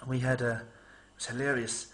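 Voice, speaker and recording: Talking to his camera at normal speed, a medium-pitched male vlogger rambles casually through his stories. His delivery is chatty and animated, and he imitates people by raising his voice.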